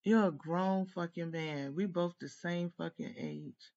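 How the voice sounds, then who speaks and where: A woman's voice: on the low side, unhurried, a little mellow, lo-fi sound. Heated, profane woman venting. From United States. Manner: heated, profane, rambling rant. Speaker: tarot reader. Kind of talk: venting monologue to camera.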